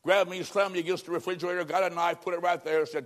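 A middle-aged male preacher giving an evangelistic sermon, telling a personal story dramatically with sudden swings between loud and quiet. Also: a little high, quick pace.

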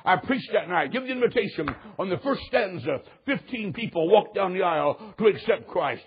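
A man's voice: sits high, animated, moderate pace, husky, muffled recording. A man preaching a sermon, telling a story with drama and quoting people in varied voices. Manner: dramatic, quotes others in changing voices.

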